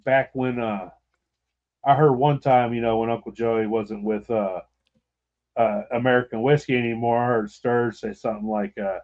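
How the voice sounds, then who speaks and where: A man's voice: medium pitch, steady tone, moderate pace, darkish tone, dull audio. Rambling, profane male podcast host. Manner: rambling, profane, laughing storyteller. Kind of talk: casual storytelling chat.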